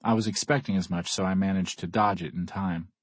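A man with a low, husky voice narrates a first-person audiobook in a measured, grave way. The recording is dry and close, with no room sound at all. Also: steady tone, no room sound.

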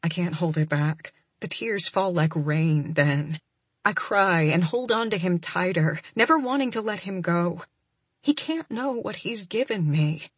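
A young adult woman narrating a first-person romance audiobook, soft and emotional, often close to a whisper. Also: on the low side, animated, a little slow, breathy edge, no room sound.

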